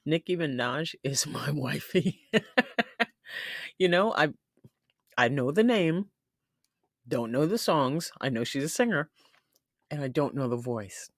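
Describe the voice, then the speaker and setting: A woman's voice: low-pitched, expressive, slow, long pauses, no room sound, clean studio sound. A woman hosting a casual live stream who chats freely, laughs often and reads comments from the chat aloud. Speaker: livestream host.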